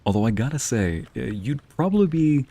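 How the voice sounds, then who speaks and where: A man's voice: mid-range voice, big pitch swings, a little fast, mellow, a little hiss or hum. A man streaming a video game, chatting casually with viewers and answering their messages, sometimes slipping into Spanish phrases. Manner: chatty, reads and answers chat aloud, drops into Spanish phrases.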